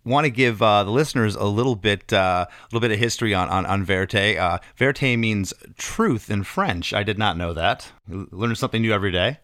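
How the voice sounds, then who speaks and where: A man's voice: on the low side, a little fast, few pauses, fairly bright tone, no echo, clean studio sound. A man hosting a casual music podcast interview, friendly, repeating words and using many fillers. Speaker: podcast host.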